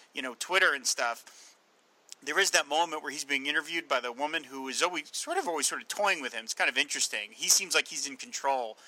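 A man hosting a film podcast, chatty and animated as he retells scenes. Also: on the high side, no room sound, poor audio. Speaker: podcast host. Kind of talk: casual film discussion.

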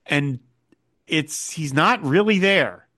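A podcast co-host with a fairly high male voice talks slowly, casually recapping a TV episode and acting out the quoted lines in character. His animated retelling is recorded dry, at studio quality, with no room sound.

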